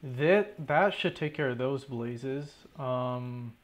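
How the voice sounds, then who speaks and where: A man's voice: medium pitch, slow. A man casually commentating his own gameplay, talking to himself, stressed, annoyed and swearing often. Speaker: gaming channel host. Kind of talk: casual let's play commentary.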